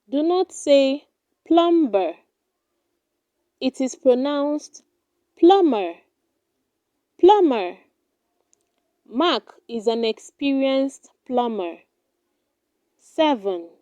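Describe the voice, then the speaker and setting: A woman reading a scripted pronunciation drill, saying each word deliberately and then repeating it. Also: high-pitched, dark tone, smooth, dry recording. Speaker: pronunciation teacher.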